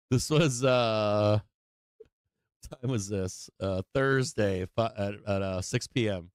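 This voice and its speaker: A man's voice: on the low side, takes it slowly, long pauses, smooth, dry recording, clean studio sound. A middle-aged man hosting a casual trading livestream, ranting with lots of swearing and laughing as he talks. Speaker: livestream stock trading host.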